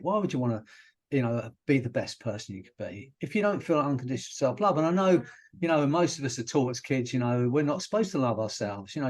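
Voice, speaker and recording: A man's voice: mid-range voice, darkish tone. British man, hypnotherapist guest, mid-range voice, rambling, casual storytelling. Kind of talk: casual interview chat.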